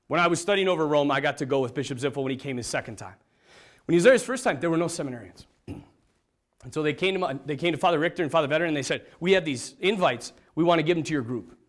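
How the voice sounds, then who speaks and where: A man, a priest, telling a personal story to an audience, swinging from hushed to excited. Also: on the high side. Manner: lively, dramatic swings from hushed to excited, laughs often. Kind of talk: animated storytelling talk to an audience.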